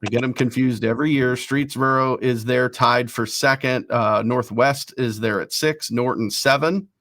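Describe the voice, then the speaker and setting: A man hosting a casual sports talk show, rattling off rankings quickly with self-deprecating asides. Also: medium pitch, steady tone, fairly bright tone. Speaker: host.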